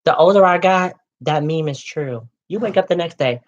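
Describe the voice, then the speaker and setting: A woman in her late twenties, co-hosting a casual gossip chat, sassy and animated, calling everyone "girl" and "honey". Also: deep voice, moderate pace, muffled recording. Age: late 20s. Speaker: co-host.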